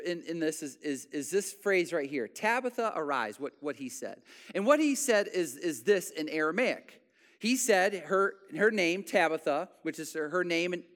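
Emphatic male preacher in a reverberant hall. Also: fairly high pitch. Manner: emphatic preaching, repeats phrases, swings from soft to loud. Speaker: pastor. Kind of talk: sermon.

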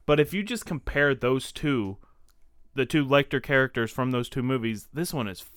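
A man co-hosting a movie podcast, speaking in a relaxed, hesitant way with many fillers. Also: mid-range voice, moderate pace, clear, resonant tone, no echo, studio quality. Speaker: podcast co-host. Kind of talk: casual movie review chat.

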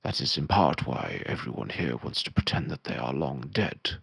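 A grave, secretive old wizard, as a game master puts him on, speaking in a very low, gravelly and husky voice. He talks slowly and with weight, in a dry, close-miked sound. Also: lively intonation, a bit bright, no room sound, full character voice. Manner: slow, measured, grave.

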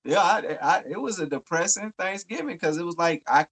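A laid-back podcast co-host chats casually in a high, expressive, somewhat bright and husky voice at a fairly quick pace. He repeats his words and tags lines with "man" and "you know what I'm saying." The audio is poor.

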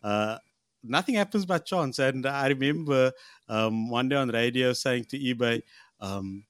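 Animated male host. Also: unhurried, smooth, no room sound, studio quality. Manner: animated, with jumps in pitch when addressing guests. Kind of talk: warm-up interview on a livestream.

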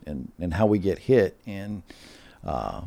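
A man's voice: sits low, big pitch swings, slow, vocal fry, warm tone. A man co-hosting a casual podcast, rambling with lots of fillers and restarts. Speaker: podcast co-host. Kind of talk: casual chat.

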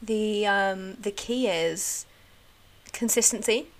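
A woman's voice: mid-range voice, slow. A young woman, chatting casually and enthusiastically, full of "like" fillers. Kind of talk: casual chat.

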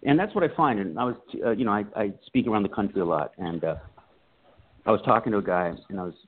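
An animated man tells stories in a casual interview and slips into voices for the people he quotes. His voice sits low and sounds husky. The sound is thin and narrow, like a phone call. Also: fast talker. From United States. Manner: animated storyteller acting out quotes. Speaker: guest, comedian and writer. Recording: phone-like line.

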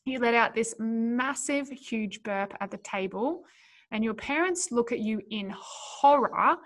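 Woman, podcast host, slightly high voice, earnest and encouraging, speaks right to the listener. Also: expressive, unhurried. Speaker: podcast host and business coach for mothers. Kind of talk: solo podcast talk.

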